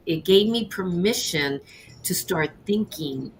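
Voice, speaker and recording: A middle-aged woman, a baker, telling her story as an interview guest in an earnest, reflective way with halting restarts. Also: low voice, a little hiss or hum, rough recording. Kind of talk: candid personal storytelling.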